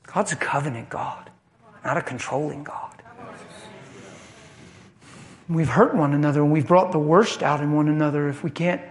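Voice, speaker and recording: An impassioned man preaching a sermon, his voice high for a man. He swings between hushed moments and fired-up, loud stretches. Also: moderate pace, long pauses. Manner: impassioned, animated preaching, rising and falling.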